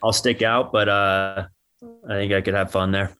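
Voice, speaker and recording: A man's voice: lowish voice, normal speed, clear, resonant tone. A young man answering interview questions casually, with lots of "um" and "you know". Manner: relaxed, many "um" and "you know". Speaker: interview guest, athlete.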